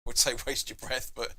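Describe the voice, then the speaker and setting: A young man hosts a live football watch-along, reading out viewer comments and talking back to them in a loose, chatty way. His voice is very bright and forward, at a middle pitch, and now and then he erupts into shouts at the match. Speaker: fan channel host.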